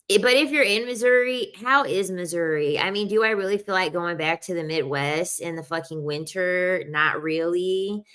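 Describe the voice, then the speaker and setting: Woman, young adult, casual chat, rambling fillers, bright tone. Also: low voice. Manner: laughs while talking. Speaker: podcast host.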